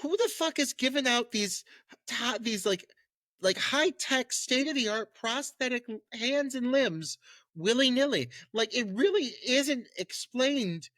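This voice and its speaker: Guy with a high lively voice riffing on a movie, swears a lot, super dry mic. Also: a little slow, no echo. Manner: animated, profane, gushing. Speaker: podcast co-host. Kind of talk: casual film review chat.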